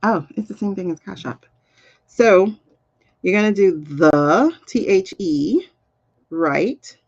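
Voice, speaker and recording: A woman's voice: mid-range voice, animated, slow, darkish tone. Chatty woman on a lo-fi livestream. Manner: chatty, distracted, laughs and mutters while fiddling with links. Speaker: live card reader. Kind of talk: casual livestream chat.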